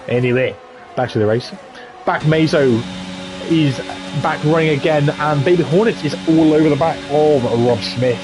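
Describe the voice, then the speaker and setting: A man commentating live on a sim racing league, chatty and jokey with quick asides. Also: on the high side, over music. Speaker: esports race commentator.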